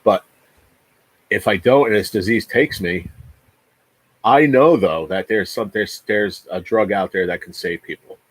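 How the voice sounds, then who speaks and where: Livestream host, a man in his forties, low husky voice, swearing and ranting with heavy emphasis. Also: measured pace, pauses often, no room sound, poor audio. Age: 40s. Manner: repeats words. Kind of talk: casual livestream chat.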